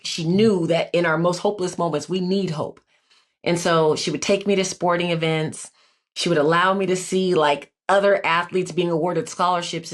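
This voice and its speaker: Earnest, low-voiced woman telling her story. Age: 40s. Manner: earnest and reflective, with frequent 'like' fillers. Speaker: guest, Olympic athlete. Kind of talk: personal storytelling in an interview.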